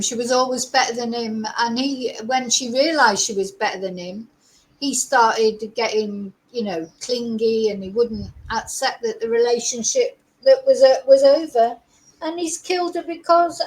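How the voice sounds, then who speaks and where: A woman with a slightly high voice talks through a crime case in loose, chatty commentary. She is opinionated and drily sarcastic, and she clears a frog from her throat now and then. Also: low-quality recording. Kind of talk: casual commentary to camera.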